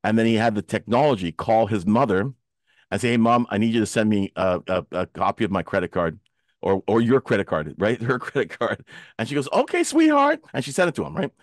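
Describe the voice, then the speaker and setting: A man hosts a casual discussion over a video call, his low voice close and dry. He tells stories with energy and slips into the voices of the people he quotes. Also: brisk, no echo. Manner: animated storyteller, acts out quoted voices. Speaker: talk show host.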